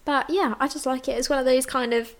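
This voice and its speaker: A woman's voice: sits high, steady tone, fast. A woman co-hosting a casual music chat, chatty and loose, swearing casually and leaning on fillers, with a sinus infection. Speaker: podcast co-host.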